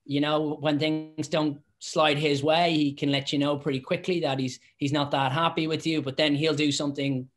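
A man who used to be a professional referee, chatting on a podcast and telling lively anecdotes with lots of restarts and repeated words. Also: fairly high pitch, moderate pace, few pauses. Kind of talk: casual podcast chat, anecdotes.

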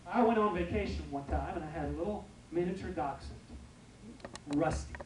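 A male pastor preaching a lively, humorous sermon full of stories and asides to his congregation, recorded in a church. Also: high voice, a little fast. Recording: roomy church from far off, faint noise.

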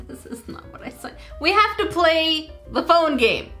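This gaming channel host has a very high, sing-song voice that sounds bright and forceful, delivered at a measured pace over soft background music. Chatting to viewers in a casual let's-play, she often seems confused, and she's picked up by a desk microphone.

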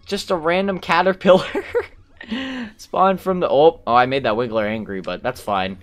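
A man's voice: a little high, moderate pace. A young man casually commentating his own video game playthrough, chatting to the characters and humming along. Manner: excitable, talks to the game characters, hums along, mild cursing. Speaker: gameplay commentator. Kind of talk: casual let's-play commentary. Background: game music.

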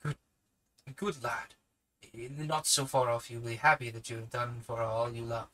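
A man voicing a grave, commanding elderly professor in a hushed, measured tone. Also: medium pitch, level tone, low-quality recording. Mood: grave, kindly.

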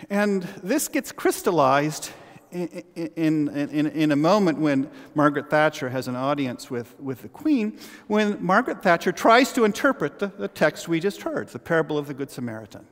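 Male pastor preaching, fairly high voice that swings around a lot, long church echo. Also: normal speed. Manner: animated storytelling, frequent restarts. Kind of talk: sermon. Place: church sanctuary.

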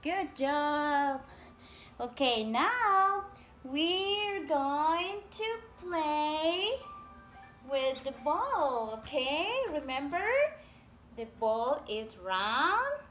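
A woman teaching a preschool class by video, talking slowly and cheerfully in a sing-song way to small children. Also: sits high, animated, a bit bright, faint music behind.

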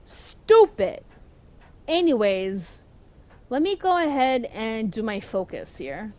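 Excitable young woman gaming out loud. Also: on the high side, measured pace. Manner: excitable, yells at the game, jumpy. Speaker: gaming video host. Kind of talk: casual let's-play commentary.

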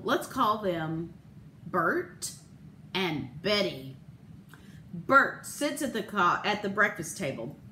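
A woman pastor preaching a sermon and telling a story in an expressive, measured way. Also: mid-range voice, roomy sound, a little hiss or hum.

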